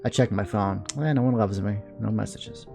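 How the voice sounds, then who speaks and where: A man's voice: lowish voice, normal speed, gravelly. A young man reading a visual novel aloud for a let's play, breaking in with wry, joking asides. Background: soft game music.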